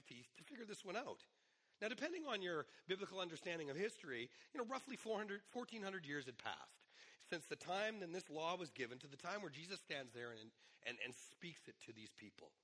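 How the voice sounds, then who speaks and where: A middle-aged male pastor preaching a sermon, hoarse today, in a conversational way with asides. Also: a little high, pushed and bright.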